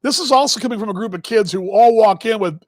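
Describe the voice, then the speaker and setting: A man's voice: high voice, fast talker, no room sound. A man in his fifties from Texas, hosting a broadcast and telling casual, rambling stories with chuckling asides and self-interruptions. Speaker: broadcast host. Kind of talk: casual storytelling monologue.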